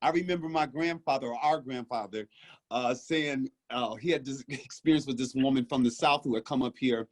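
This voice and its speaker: A man speaking reflectively in a casual discussion, measured and given to telling stories. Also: medium pitch. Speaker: discussion panelist. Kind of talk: casual video-call discussion.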